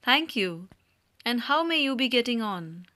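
A woman's voice: fairly high pitch, sing-song, measured pace, sharp tone, full character voice. A woman reading the part of a nervous male landowner who stumbles over his words while proposing. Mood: formal, flustered.

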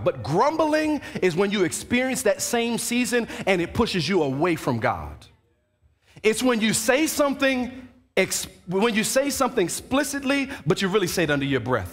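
A man preaching a sermon to his congregation, his fairly high voice leaping around in lively swings. He slips into quick put-on voices of grumbling churchgoers as he goes. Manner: animated preaching, acts out quoted voices of churchgoers. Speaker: pastor. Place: church sanctuary.

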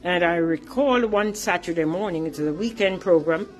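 A woman's voice: fairly low pitch, normal speed, soft background music. A middle-aged woman with a Jamaican accent, an earnest and emphatic teacher and artist giving a presentation about her artwork.

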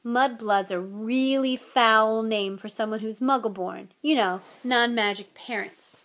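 A woman voicing a young wizard schoolboy who sounds hoarse and weak, in an audiobook reading. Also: on the high side, measured pace, a bit bright. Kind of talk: audiobook character voice.

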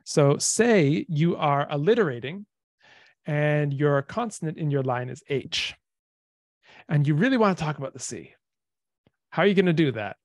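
A man's voice: on the high side, lively intonation, normal speed, pauses often, a little mellow, dry recording, studio quality. A man giving an online lecture, chatty and thinking aloud, with fillers and restarts. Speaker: lecturer on dead languages. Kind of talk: online talk with slides.

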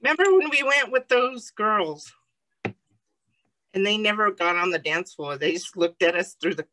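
A woman's voice: medium pitch, unhurried, sharp tone, a little hiss or hum, poor audio. A woman co-hosting a podcast, bantering bluntly and jokingly in casual chat. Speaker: podcast co-host.

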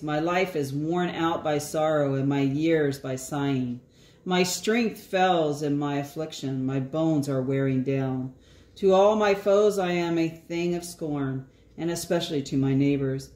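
A woman reading psalms aloud in an earnest, deliberate way. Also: low-pitched, a little mellow. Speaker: scripture reader. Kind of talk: slow prayerful reading of psalms. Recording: echoey room.

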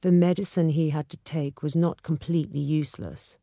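A woman narrating a storybook in a measured, deliberate reading for English learners. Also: low-pitched, steady tone, warm tone, no echo, clean studio sound.

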